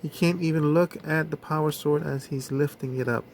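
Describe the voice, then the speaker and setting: A man's voice: fairly high pitch, fairly even intonation, a little mellow, slight background noise. A man casually reviewing action figures, talking in a hesitant way with many fillers. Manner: slow, hesitant, lots of fillers. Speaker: toy reviewer.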